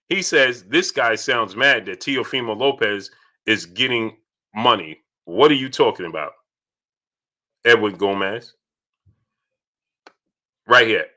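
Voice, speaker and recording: A young man hosting a casual live stream, reading viewer chats aloud and answering them in an animated way that repeats itself. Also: mid-range voice. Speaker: livestream host reading super chats. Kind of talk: casual livestream chat.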